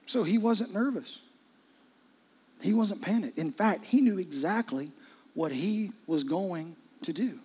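A middle-aged man preaching a sermon in a husky, slightly high voice. He drops to near-hushed asides, then climbs to loud, urgent peaks. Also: expressive, a little slow. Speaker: pastor.

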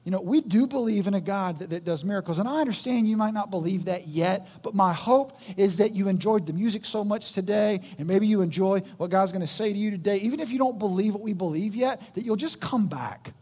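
A man preaching a sermon as pastor, telling a story with acted quotes and halting restarts. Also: sits high, darkish tone.

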